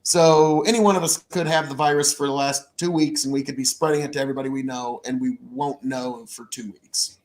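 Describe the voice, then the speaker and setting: A man co-hosting a casual podcast, talking in an animated, jokey way in quick bursts. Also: medium pitch. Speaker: podcast co-host.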